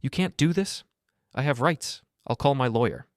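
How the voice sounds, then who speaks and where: Frantic grown woman as a male narrator puts her on, raised pitch, urgent. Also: a little fast, no room sound, clean studio sound, close to an everyday voice. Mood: angry. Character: panicked wife, grown woman, demanding.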